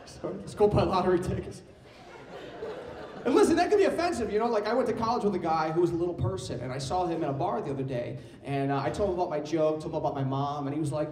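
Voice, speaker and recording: A man's voice: on the high side, quick pace, a little mellow, a little hiss or hum. A young man performing a stand-up comedy set in a club, talking to the crowd in a brash, loose and playful way. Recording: roomy live club sound, distant mic. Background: audience laughter.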